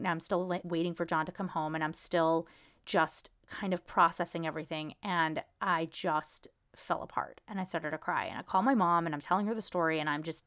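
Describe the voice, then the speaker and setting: A woman's voice: fairly low pitch, a bit bright, no room sound, studio quality. A woman podcast host telling a personal story in an emotional, rambling way, full of restarts and quoted conversations. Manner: emotional, rambling, retelling events.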